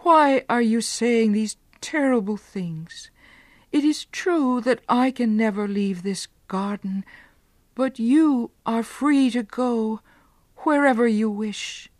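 A pleading young woman with a high voice, as a woman narrator puts her on. She speaks slowly and with urgency. The recording is dry and close. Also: dry recording. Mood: pained.

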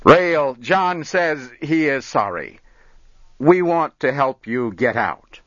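A man voicing a caring, steady cowboy who calls out slowly, in a dull lo-fi recording. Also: sits low, no echo, heavily acted. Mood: calling out. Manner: calls out loud and slow.

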